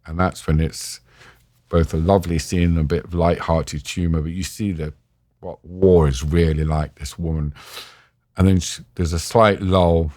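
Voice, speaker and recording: A middle-aged British man, a war journalist, recounting anecdotes in a lively, self-mocking way as a podcast guest. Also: sits low, normal speed, no echo, studio quality. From Britain. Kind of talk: animated anecdotal storytelling.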